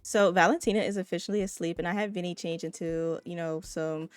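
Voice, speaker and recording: A woman giving casual, chatty commentary while she plays a life-simulation game, often turning to her viewers with excited asides. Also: on the low side, brisk. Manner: chatty, addresses viewers as y'all, excitable exclamations. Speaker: let's play creator.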